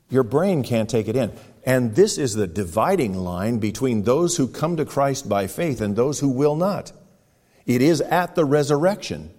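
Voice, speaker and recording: A man preaching a sermon, retelling a story dramatically, with sudden loud exclamations and quiet, hushed stretches. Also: lowish voice, husky. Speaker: pastor.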